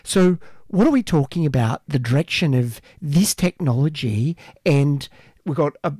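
A man's voice: a little high, expressive, moderate pace, warm tone, no echo, clean studio sound. A man in his fifties co-hosting a casual political discussion, earnest and often restarting his phrases. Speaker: co-host.

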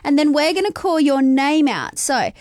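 A woman's voice: high voice, lively intonation, moderate pace, a little mellow, no echo. A woman hosting a breakfast radio show, upbeat and chatty, talking close to a studio mic. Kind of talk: radio host promo chat.

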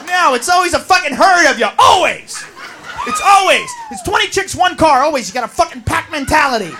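A woman's voice: very high-pitched, sing-song, fairly quick. A woman doing a stand-up comedy routine on a club stage, brash and profane, acting out characters. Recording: live show with crowd noise.

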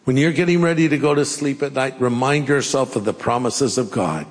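An older man preaching a sermon, telling folksy stories with jokes and pauses. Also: medium pitch. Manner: folksy, jokey storytelling with pauses. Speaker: pastor. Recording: long hall reverb.

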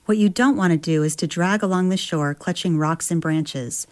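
A woman reading the lines of an easygoing adult male river guide, giving casual instructions in a slightly low voice. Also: moderate pace, close to an everyday voice. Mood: instructive.

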